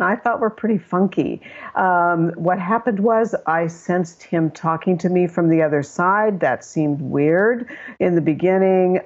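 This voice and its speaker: Older woman, lowish voice, earnest storyteller, halting restarts, muffled lo-fi audio. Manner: earnest, with frequent restarts and fillers. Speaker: psychologist and regression guide. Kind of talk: storytelling interview answer. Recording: muffled low-fidelity audio.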